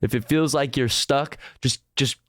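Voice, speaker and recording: Loose, excitable male streamer, easygoing pace, dry close-miked sound. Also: medium pitch, measured pace, dry recording. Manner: swears freely, laughs often, loose and excitable. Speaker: streamer reacting to clips. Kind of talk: casual chat.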